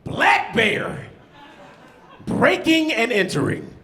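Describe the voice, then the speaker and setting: A man's voice: very high-pitched, wildly swooping pitch, pushed and bright, pitched above the performer's own voice, heavily acted. A man putting on a pompous TV news anchor. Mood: dramatic. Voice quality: slow, drawn-out announcer delivery.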